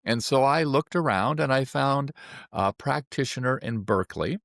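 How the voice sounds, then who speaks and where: A man in his seventies, an acupuncturist, telling personal stories in a relaxed anecdotal way. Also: mid-range voice, normal speed, gravelly, no echo, studio quality. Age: 70s. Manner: relaxed anecdotal, acting out quoted voices. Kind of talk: personal storytelling.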